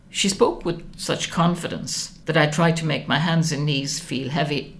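A woman reading a first-person novel aloud, wry and expressive. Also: low voice, moderate pace, hardly any pauses, slight background noise. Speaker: audiobook narrator.

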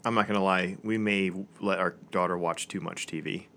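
A man in his thirties co-hosting a casual podcast, upbeat and joking with quick asides. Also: deep voice, fairly even intonation, creaky, sharp tone, a little hiss or hum. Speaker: podcast co-host. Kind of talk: casual chat.

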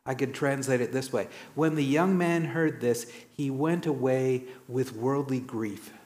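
Male preacher, unhurried sermon delivery, storyteller who voices the people he quotes. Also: a little mellow. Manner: storytelling, acts out quotes with dramatic pitch jumps.

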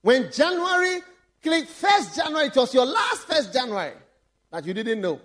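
High-voiced, animated bishop preaching. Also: male voice, normal speed. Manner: animated, laughs and shouts for emphasis. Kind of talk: sermon.

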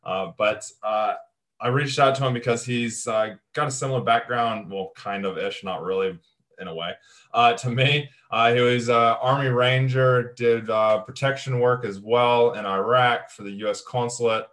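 A man hosting a podcast interview, talking haltingly with many fillers and restarts. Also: mid-range voice, fairly even intonation, fairly bright tone. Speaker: podcast host.

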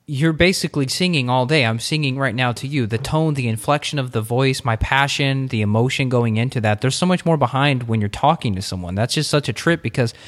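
Animated male podcast host. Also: mid-range voice, fairly quick, few pauses. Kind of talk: casual interview chat.

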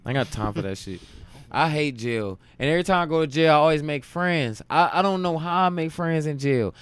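A man from Cleveland in his late twenties, a podcast guest telling profane, animated stories in a casual chat. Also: on the high side, brisk, clean tone, dry recording. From Cleveland, Ohio. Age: late 20s. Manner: profane, animated anecdote-telling with frequent laughs.

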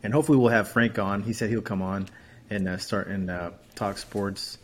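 A man co-hosting a podcast, chatting in a relaxed way. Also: fairly low pitch, moderate pace, noisy background. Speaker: podcast co-host. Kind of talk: casual chat.

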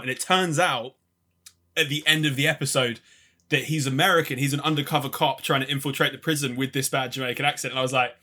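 A man with a bright, forward voice chats casually about films as a podcast co-host. He tells stories with a laugh and acts out scenes in quick quoted bits. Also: mid-range voice. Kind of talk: casual film chat.

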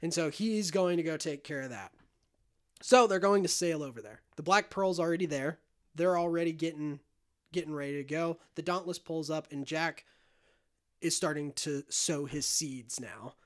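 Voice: mid-range voice, moderate pace. Casual podcast co-host recapping a movie, profane and chatty, mid-range voice. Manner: rambling, profane, acts out every character.

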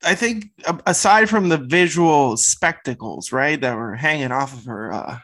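A man's voice: on the high side, expressive, normal speed, bright, forceful tone. A man co-hosting a casual movie-review chat, bantering loosely and swearing. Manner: laid-back, profane banter. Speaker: podcast co-host.

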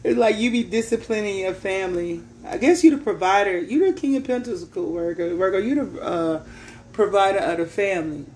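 A woman's voice: mid-range voice, a little fast, darkish tone. A chatty woman reading tarot cards, her talk loose and slangy and broken up by frequent laughter. Her voice sits in a middle register, with a faint hiss of noise behind it. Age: adult parent. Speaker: tarot reader.

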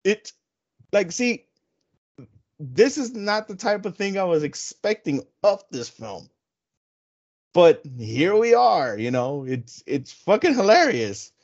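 A man co-hosting a casual podcast, animated and laughing often, retelling scenes with lots of swearing in a dull lo-fi recording. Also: sits high, unhurried. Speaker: podcast co-host. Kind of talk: casual film chat. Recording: dull lo-fi sound.

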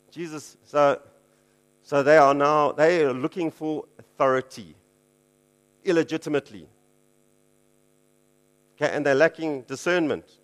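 Conversational male preacher. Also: medium pitch. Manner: conversational, frequent "okay", chuckling asides. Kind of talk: casual teaching sermon.

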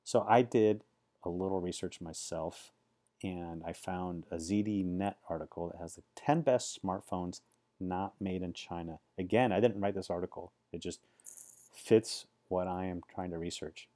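A man's voice: deep voice, normal speed, dark tone. A man, giving chatty, sarcastic vlog commentary full of rambling asides. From Silicon Valley, USA. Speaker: vlogger.

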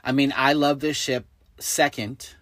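A woman co-hosting a podcast in casual chat, animated and incredulous, laughing often. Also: a bass voice, unhurried, dry recording. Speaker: podcast co-host.

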